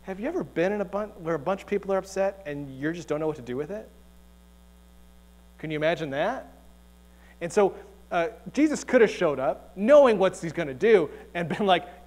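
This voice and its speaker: A man's voice: high voice, expressive, fairly quick, a little mellow. A male pastor preaching a conversational sermon in a church, joking and asking the congregation rhetorical questions. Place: church sanctuary.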